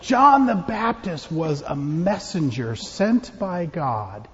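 A man's voice: fairly high pitch, very animated, slow, fairly bright tone, long reverb tail, highs cut off, a little hiss or hum. A man giving a children's sermon as pastor, playful and joking with the kids. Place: church.

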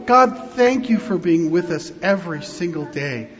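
Animated man telling a children's sermon. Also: high-pitched, a little slow. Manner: animated storytelling, coaxing children to join in. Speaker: pastor. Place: church sanctuary. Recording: muffled sound in a long-echoing church hall.

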